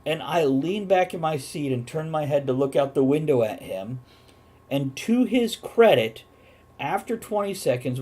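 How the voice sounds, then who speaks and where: A male host relaxing into a chatty story for his live stream audience. He tells it in an animated, offhand way and drops the odd swear word. His voice sits in an ordinary middle pitch. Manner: animated anecdote with casual swearing. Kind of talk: casual storytelling chat.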